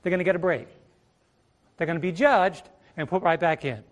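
A man's voice: a little high, brisk. A middle-aged male preacher teaching a Bible study sermon on a ministry stage, asking rhetorical questions and repeating his phrases.

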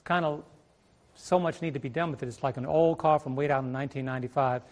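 A man's voice: mid-range voice, fairly even intonation, fast talker. A middle-aged male preacher teaching a Bible study sermon on a ministry stage, asking rhetorical questions and repeating his phrases.

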